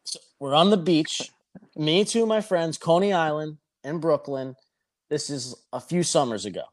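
Profane storytelling man, slightly high voice. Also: normal speed. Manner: profane, rambling anecdotal delivery. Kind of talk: casual storytelling.

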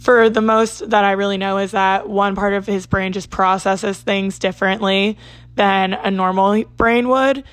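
A woman's voice: medium pitch, steady tone, unhurried. A young woman casually telling a dating story, chatty and peppered with "like". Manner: chatty, says "like" a lot. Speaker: vlogger.

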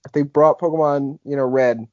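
A man's voice: fairly high pitch, fairly even intonation, normal speed, dry recording. A young man co-hosting a podcast in casual chat, rambling with lots of filler words and restarts. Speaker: podcast co-host. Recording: dull lo-fi podcast audio.

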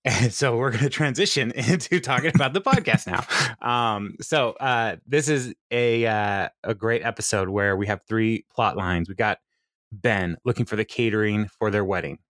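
A man with a low, slightly deep voice co-hosting a fan podcast in easygoing chat. He rambles, restarts his sentences and laughs a lot. The sound is dry and close, with no room around it. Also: moderate pace, fairly bright tone, dry recording. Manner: chatty and rambling, laughs often. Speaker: podcast co-host. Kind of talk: casual chat.

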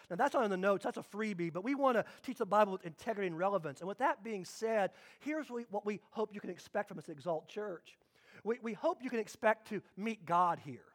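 A man's voice: extremely high pitch, a bit bright. A male pastor preaching a sermon with energy and humor, repeating phrases for emphasis.

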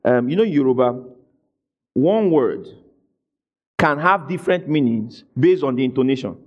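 A man preaching a sermon, asking his congregation questions and rising into shouted emphasis. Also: medium pitch, animated, moderate pace, lo-fi sound. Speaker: pastor.

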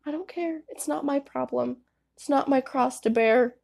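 Young woman w a high voice giving blunt advice to viewers, swears a lot, says like constantly. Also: moderate pace, gravelly, darkish tone. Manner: candid, swears freely, says "like" often. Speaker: vlogger. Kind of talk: casual advice monologue.

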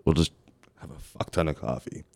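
A man with a very low voice co-hosts a loose podcast. He drops in short, offhand jokes. The sound is dry and close. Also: steady tone, a little fast, vocal fry, a little mellow, dry recording. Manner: joking, offhand interjections. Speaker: podcast co-host. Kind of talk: casual podcast chat.

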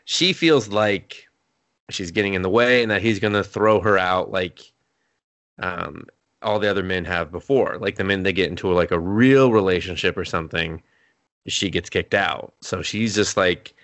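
Speaking at normal speed in a low-pitched but fairly bright voice, this man co-hosts a podcast and gives a relaxed, profanity-laced recap of an anime. He swears freely and slips into characters' lines as he goes. The recording has no echo.

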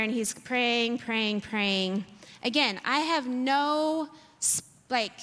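A woman telling a personal testimony in an animated, self-deprecating storytelling manner. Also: a little high. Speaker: speaker sharing a personal testimony. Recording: long hall reverb.

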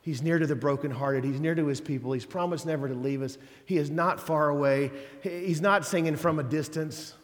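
A pastor, his voice a little high, talks a little fast with few pauses while delivering a sermon in a resonant church sanctuary. His preaching stays conversational, peppered with folksy asides and emphatic quotes.

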